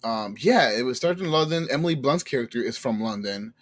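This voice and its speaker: An easygoing man co-hosting a movie review podcast, laughing along and stumbling over his words now and then. His voice is a little husky, with a mid-range pitch. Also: lively intonation, a little fast. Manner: easygoing, laughs often, stammers. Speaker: podcast co-host. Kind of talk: casual movie review chat.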